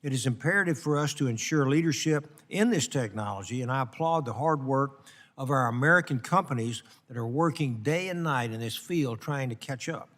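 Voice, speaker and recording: Man from texas giving committee remarks, halting, lots of uh's, echoey hearing room. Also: mid-range voice, a bit bright. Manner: halting, many fillers. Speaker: committee member. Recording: long reverb of a hearing room.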